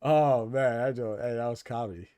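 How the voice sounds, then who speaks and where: A man's voice: medium pitch, normal speed, mellow, no echo. Slangy male boxing podcast host. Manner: loose slangy talk, laughs hard at jokes. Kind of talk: casual live commentary.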